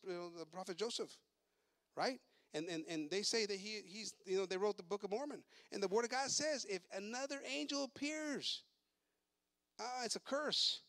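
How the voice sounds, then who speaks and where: High, bright-voiced bilingual preacher man. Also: no echo, studio quality. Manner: switches between English and Spanish, repeats words, builds to shouting. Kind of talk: bilingual sermon.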